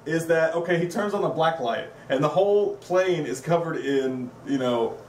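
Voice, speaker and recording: A man co-hosting a casual TV review chat, excitable and profane, laughing often. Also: on the high side, normal speed, slight background noise. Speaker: co-host reviewing TV. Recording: echoey room, mic at a distance.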